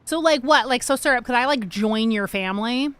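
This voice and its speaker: A woman streaming a video game, chatting to her viewers, swearing freely and reacting fast to the gameplay. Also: on the high side, fairly bright tone, clear, resonant tone, no room sound. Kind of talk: casual gameplay livestream chat.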